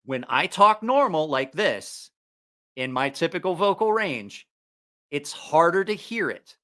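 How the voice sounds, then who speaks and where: A man's voice: on the high side, sing-song, a little slow, pushed and bright. A man with a slight Southeast Ohio accent hosting a casual livestream, rambling and correcting himself as he talks. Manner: rambling, self-correcting, chatty. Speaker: knife reviewer and channel host. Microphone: headphones on, studio mic.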